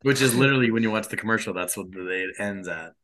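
A somewhat low-voiced man co-hosting a casual podcast. He gives his opinions bluntly and swears freely. He retells scenes with lively energy. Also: quick pace. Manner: blunt, profane, emphatic opinions. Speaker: podcast co-host. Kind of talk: casual chat.

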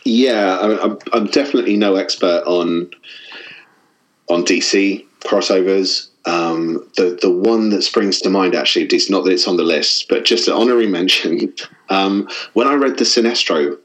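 A man's voice: sits low, normal speed, rough recording. A man from the south of England with a southern English accent, chatting casually as a podcast guest, rambling and self-deprecating with frequent laughs. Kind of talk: casual chat.

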